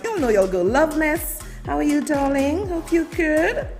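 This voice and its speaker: A woman's voice: high voice, faint music behind. A woman hosting a live online show, greeting viewers one by one and calling them darling and baby. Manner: lively, drawn-out greetings.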